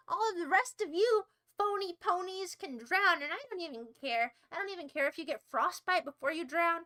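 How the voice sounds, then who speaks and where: A woman with a very high, bright, sharp-edged voice chats to her livestream audience. She talks in playful, mock-offended rants, spinning exaggerated silly tangents as she banters with viewers. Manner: playful mock-indignant ranting. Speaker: livestream host. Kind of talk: casual livestream chat with viewers.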